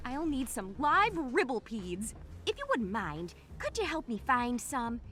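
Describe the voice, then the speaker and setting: A woman's voice: on the high side, very animated, a little slow, pushed and bright, full character voice. A woman voicing a cheerful female grumpus archaeologist in a video game, with a folksy Minnesotan accent. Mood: cheery. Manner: bubbly, folksy, chipper. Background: game music.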